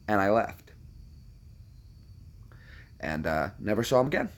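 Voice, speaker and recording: A man's voice: mid-range voice, sing-song, normal speed, long pauses, a bit bright. A man hosting a casual chat, talking to his viewers in a rambling way full of anecdotes and repetitions. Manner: rambling, anecdotal, repeats himself.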